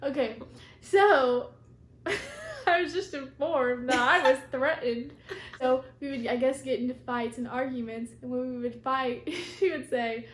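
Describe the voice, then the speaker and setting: A young woman casually telling family ghost stories on a vlog, giggly and animated. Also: high voice, a little slow. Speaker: vlogger, co-host. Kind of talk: casual storytelling. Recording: roomy echo.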